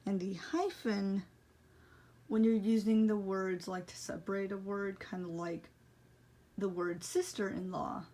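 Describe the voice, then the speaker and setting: This braille lesson comes from a young woman who rambles, says sorry for her explanations, and is self-deprecating throughout the casual tutorial. She speaks at a measured pace in a mellow, medium-pitched voice that barely moves in pitch.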